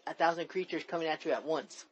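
A man's voice: on the high side, fast talker, breathy edge, rough recording. A young man, rambling and repeating himself as he swears his way through a story on a casual podcast chat. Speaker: podcast co-host.

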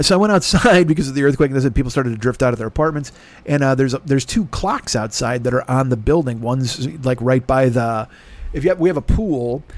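A man's voice: medium pitch, a little mellow. A middle-aged man hosting a show, telling a long story in a rambling, sardonic way with lots of swearing. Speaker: podcast host. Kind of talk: casual profane monologue.

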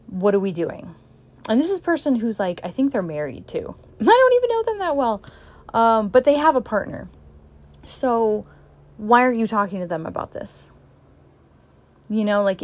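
A woman's voice: medium pitch, a little mellow, no echo. A woman vlogging a candid, frustrated rant. She swears bluntly, sighs, and stops and restarts her sentences. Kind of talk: candid venting monologue.

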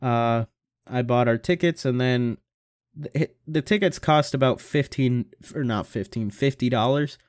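A man's voice: medium pitch, measured pace, no room sound, clean studio sound. Rambling, profane young man podcasting. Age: young adult. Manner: rambling, profane, self-mocking. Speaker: podcast host. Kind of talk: casual solo podcast rambling. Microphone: home computer microphone.

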